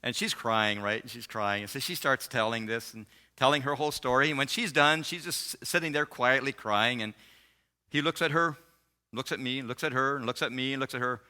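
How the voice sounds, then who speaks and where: Bright-voiced man telling a story in a sermon. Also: medium pitch, brisk. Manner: animated storytelling with frequent laughs. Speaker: marriage speaker.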